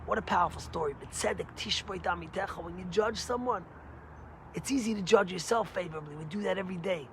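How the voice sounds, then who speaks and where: A man, a rabbi, giving a short Torah lesson through stories, animated and emphatic with big swings in pitch and loudness. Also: fast talker, slight background noise. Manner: energetic, emphatic.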